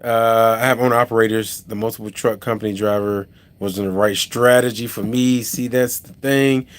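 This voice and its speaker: A man's voice: fairly low pitch, fairly even intonation, normal speed. A man who drives a truck and owns a trucking company, telling a story on a casual live stream, rambling with many restarts and asides to viewers.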